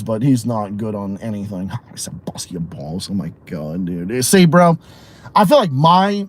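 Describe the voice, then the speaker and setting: Unhurried and sing-song, a fairly low-voiced man hosts a livestream podcast in a Massachusetts accent. He's from that state and answers chat by ranting opinionatedly, bluntly, and with plenty of swearing.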